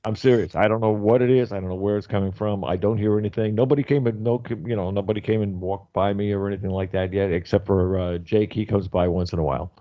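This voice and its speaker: A man's voice: fairly low pitch, fairly even intonation, fast, hardly any pauses. A man hosting a radio show, chatting casually with his guests and reacting to their stories. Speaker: radio host. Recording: dull lo-fi radio audio.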